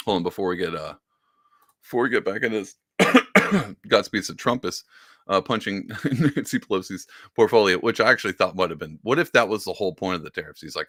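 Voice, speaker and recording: A sarcastic male podcast host reads posts aloud and leans hard on the words he wants to stress. His voice is bright and forceful. The sound is close and dry. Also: on the low side, sing-song, brisk, no echo. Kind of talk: casual commentary.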